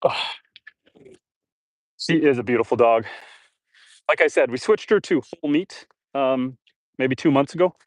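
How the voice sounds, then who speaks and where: A homestead livestreamer speaks a little slowly in a medium-pitched voice, leaving long pauses as he waters trees outside and rambles to viewers and animals. The sound is studio quality, with no room sound.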